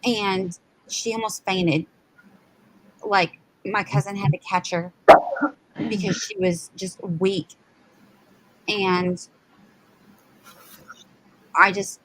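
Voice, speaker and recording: Animated woman telling a story. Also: medium pitch, slow, long pauses, slight background noise, low-quality recording. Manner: animated storyteller acting out quotes. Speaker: live show co-host. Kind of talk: casual storytelling chat.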